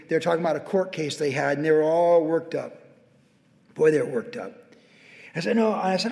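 A man's voice: a little high, a little mellow. A middle-aged man, a pastor preaching a conversational sermon that rises to emphatic exhortation, in a church sanctuary. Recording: long hall reverb.

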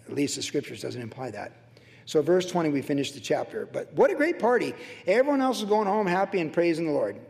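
Animated pastor in a reverberant hall. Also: male voice, fairly high pitch, creaky. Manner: animated storytelling with acted-out quotes. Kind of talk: verse-by-verse Bible teaching.

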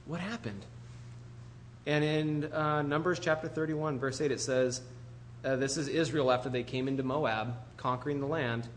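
A man preaching a conversational sermon in an animated, chatty way, full of asides to the congregation. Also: mid-range voice, normal speed, slight background noise.

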